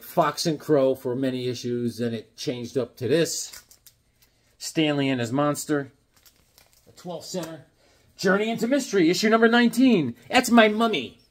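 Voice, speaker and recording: A middle-aged man chatting casually about his comic books, wandering off into jokey stories as he goes. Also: mid-range voice. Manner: rambling, jokey storyteller. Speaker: comic book collector vlogger. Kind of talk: casual show-and-tell chat.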